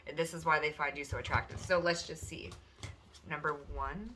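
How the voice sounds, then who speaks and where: A woman giving a chatty, loose pick-a-card tarot reading at home, often slipping into high, animated voices for the people she describes. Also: moderate pace, a little hiss or hum.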